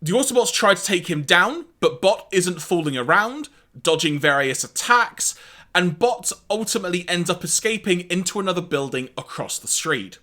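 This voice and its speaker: A man co-hosting a podcast, recapping an episode in a casual, animated way with wry asides and laughs. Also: sits high, moderate pace. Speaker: podcast co-host.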